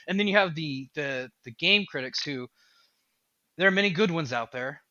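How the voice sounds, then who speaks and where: Guy w/ a bright tense voice rambling fast on a podcast, dull lofi audio, dry. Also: medium pitch, no room sound. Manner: animated, rambling talker. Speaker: game developer guest. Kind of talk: casual podcast chat.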